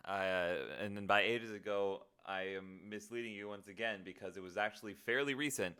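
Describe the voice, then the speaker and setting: A man's voice: on the low side, fairly even intonation, moderate pace, pushed and bright, clean tone. A man streaming live in casual chat, muttering to himself and joking at his own expense, looping filler words in long strings. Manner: self-mocking, muttering to himself while fiddling with settings.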